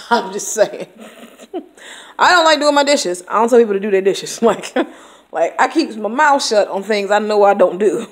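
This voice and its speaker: Exasperated woman teacher venting. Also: fairly high pitch. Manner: exasperated, venting, frequent laughs, blunt with cursing. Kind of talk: candid vlog rant.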